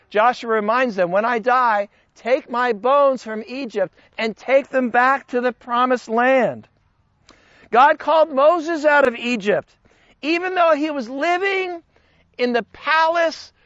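Slow, emphatic high-voiced preacher. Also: male voice, no echo, highs cut off. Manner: slow, emphatic, with big swings in pitch and loudness. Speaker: Bible teacher. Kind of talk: sermon-style Bible study.

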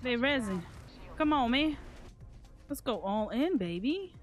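A young woman talks over her gameplay in a loose, unhurried way, her voice sitting a little high for a woman. She is hyped and excitable and swears freely, with humming between her sentences. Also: faint music behind. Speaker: gaming streamer. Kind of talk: casual gameplay commentary.

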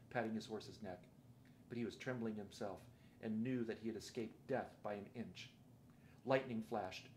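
A man reading a novel aloud in a steady, measured narrating voice. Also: mid-range voice, a little hiss or hum. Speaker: reader.

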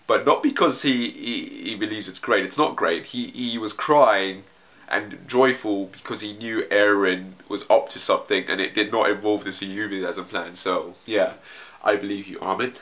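A man with a low-ish, slightly bright voice speaks at a moderate pace as host of a manga reaction video. He casually comments on a chapter while reading it, rambling, swearing, and frequently restarting his sentences.

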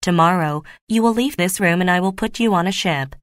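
A woman's voice: on the low side, brisk, no echo, clean studio sound, close to an everyday voice. A woman reading the lines of a stern, threatening nobleman.

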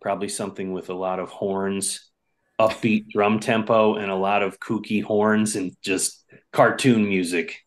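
A band drummer, guesting on a podcast, answers questions from his home in New York's Hudson Valley area. His voice sits fairly low with little pitch movement, and he talks unhurriedly in a laid-back, hesitant way full of fillers.

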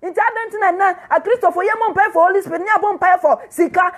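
A woman with a Ghanaian accent delivers a sermon in a high, bright register. She hammers points home through repetition and slides easily between Twi and English phrases. Her delivery is that of a prophetess addressing her congregation. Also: fairly even intonation, quick pace, hardly any pauses. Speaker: prophetess and preacher.

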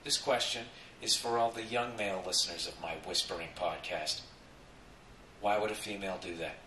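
A man hosting a podcast, telling a profane comic story with sudden loud outbursts. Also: low voice, moderate pace, reverberant, recorded from a distance, a little hiss or hum, rough recording. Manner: profane, animated, jumps into loud acted quotes. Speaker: podcast host. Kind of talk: comedic storytelling monologue.

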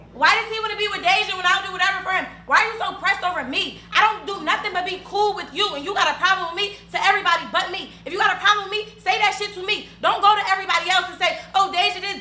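A young woman with a very high, sharp voice, rattling out a furious, profane confrontation at speed. She keeps demanding the other person say it to her face. It all rings in an echoey room. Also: rapid-fire. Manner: loud, profane, accusing, repeats demands. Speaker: reality show cast member. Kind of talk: heated confrontation.

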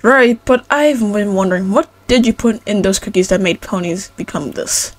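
A woman's voice: mid-range voice, moderate pace, close to an everyday voice. A woman reading the lines of a tearful, bubbly young pony mare in a shaky, pleading voice. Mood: uneasy.

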